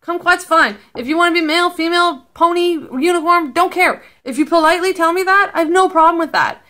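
Woman vlogger, high-pitched, blunt, sweary, sarcastic. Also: fairly quick, bright, forceful tone. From Canada. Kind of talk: casual vlog commentary.

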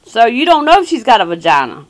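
A woman's voice: on the high side, sing-song, fast talker. A woman on a recorded phone call, confronting and mocking a caller in a sassy, challenging way. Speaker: caller baiting phone scammers.

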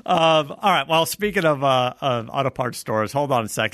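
A man's voice: mid-range voice, lively intonation, moderate pace, a bit bright, dry recording, studio quality. A man hosting a casual chat who also reads a sponsor ad, easygoing in manner. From South Florida. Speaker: host.

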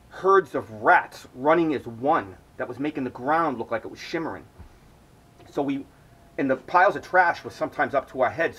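A man's voice: medium pitch, sharp tone, slightly rough, poor audio. A middle-aged man hosting his own podcast, telling a long, rambling story full of swearing. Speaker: podcast host. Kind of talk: storytelling monologue.

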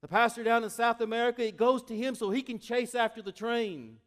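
A male pastor preaching a sermon, animated, swinging from loud exclamations to quiet, intimate asides. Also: very high voice, a little fast.

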